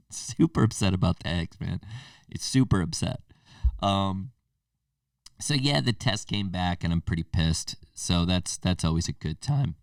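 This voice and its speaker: A man's voice: low-pitched, lively intonation, moderate pace, gravelly, no room sound, clean studio sound, recorded from a distance. A young man hosting a podcast, rambling and swearing through a comedic monologue, now and then mimicking other people. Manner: rambling, swearing, self-mocking, puts on silly voices for others. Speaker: podcast host.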